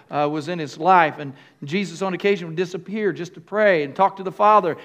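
High-voiced older man preaching. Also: a bit bright. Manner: call-and-response with the congregation; halting, with restarts and fillers. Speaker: pastor. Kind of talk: sermon.

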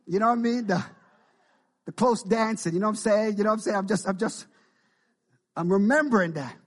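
A man preaching a sermon as pastor, animated, with frequent call-and-response asides to the congregation. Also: high-pitched, brisk.

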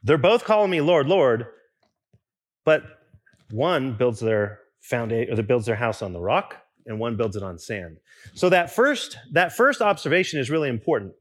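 A young man preaching in a loose, talky way, full of restarts and little asides. His pitch moves a lot as he goes, rising and falling. The tone is mid-height and easy. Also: normal speed. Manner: conversational and animated, with restarts and asides. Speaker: pastor. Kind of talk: sermon.

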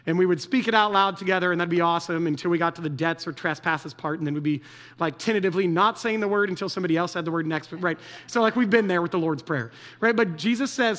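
A man's voice: high voice, fast, a bit bright. A man preaching a conversational sermon to a congregation, joking and often checking in with "right?". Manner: casual, joking, asks the audience "right?" often.

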